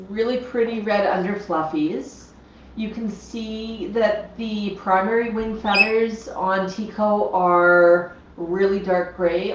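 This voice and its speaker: A woman's voice: mid-range voice, slight background noise. A woman hosting a casual livestream, chatting about her pet parrots and explaining their habits while she talks to the birds. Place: home room with parrots. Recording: echoey, slightly dull lo-fi sound.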